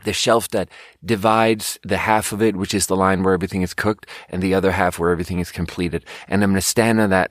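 A man's voice: on the low side, dry recording, studio quality. A man in his thirties telling a long, profane, self-mocking story in casual monologue, worn out and rambling. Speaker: podcast host.

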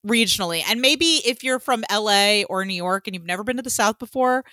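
A woman's voice: mid-range voice, animated, brisk, bright, forceful tone, no echo. A woman from Georgia co-hosting a podcast, chatting casually with many fillers and some swearing. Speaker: podcast co-host. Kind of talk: casual chat.

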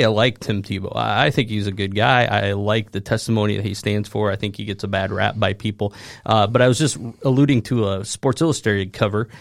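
A man, a pastor, talking casually on a podcast about a scripture verse, animated and quick to laugh at himself. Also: lowish voice, creaky, no echo, clean studio sound. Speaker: pastor who preached the sermon series.

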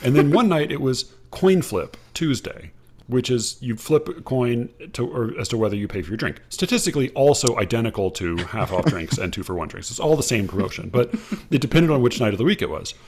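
A man in the middle of his pitch range tells a story on a podcast. He rambles wryly and corrects himself often as he goes. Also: animated, brisk, darkish tone, slight background noise. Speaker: podcast host. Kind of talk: casual storytelling chat.

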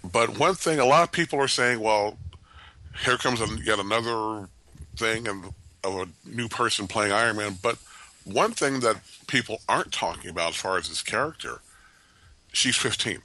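A man co-hosts a casual talk show in a fairly low voice with a bright, forceful edge. He brings up topics and states his views plainly. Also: normal speed, poor audio. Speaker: co-host. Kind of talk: casual podcast chat.

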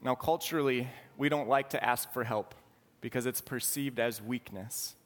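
Earnest male preacher in a reverberant hall. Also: mid-range voice. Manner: earnest, expository teaching. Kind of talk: sermon.

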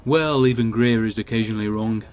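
A man's voice: fairly low pitch, a little fast. Chatty man hosting a watch-along. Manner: chatty, chuckling, reads out episode trivia. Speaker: podcast host. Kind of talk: casual commentary while watching an episode.

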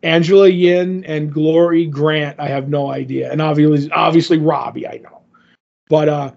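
A man with a slightly high voice rambles through a comic recap, full of ums and little acted-out quotes. The sound is dull and lo-fi, like a cheap podcast mic. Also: fairly even intonation, moderate pace, vocal fry, a little mellow. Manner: rambling recap with many fillers, acts out quotes. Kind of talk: casual chat. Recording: dull lo-fi audio.

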